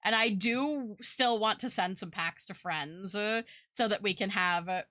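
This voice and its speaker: A woman's voice: mid-range voice, a little slow, pushed and bright, no room sound, studio quality. A young woman streamer and artist chatting casually, rambling with lots of fillers and little laughs. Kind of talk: casual chat.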